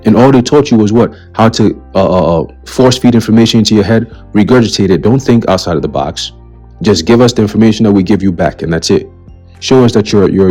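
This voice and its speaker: Low-voiced man ranting on his own channel. Blunt, profane, preachy, faint music underneath. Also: mellow. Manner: blunt, profane and heated, repeats "okay?" as a tag; preacherly, warns of coming doom. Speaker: commentary channel host. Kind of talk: ranting commentary on a list of news items.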